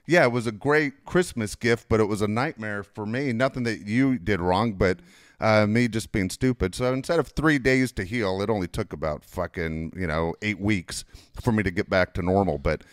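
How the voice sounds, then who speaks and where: A man's voice: fairly low pitch, moderate pace, no echo. Middle-aged guy ranting thru a crazy story, cursing a lot, dry close mic. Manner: profane, animated storyteller, laughs often. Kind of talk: casual storytelling chat.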